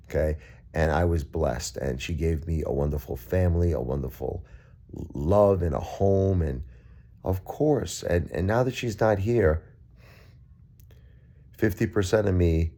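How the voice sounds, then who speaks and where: A man speaks to his viewers in a heartfelt, grieving vlog monologue. His voice is extremely deep and dark, with a gravelly rasp. He circles back on his words, pleading to be understood. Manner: repetitive, pleading, heartfelt, addresses viewers directly. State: grieving, subdued. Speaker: vlogger.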